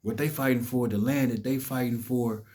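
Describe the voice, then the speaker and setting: A man's voice: medium pitch, steady tone, normal speed, dark tone. A man giving an impassioned, preachy vlog monologue, emphatic and cursing. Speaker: vlogger.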